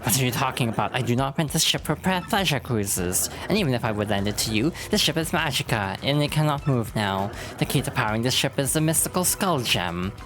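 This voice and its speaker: A woman's voice: a bass voice, animated, noisy background. Woman putting on a haughty skeleton pirate captain. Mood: scornful. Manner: haughty, drawn-out theatrical threats. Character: boastful ancient male skeleton pirate captain. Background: game music.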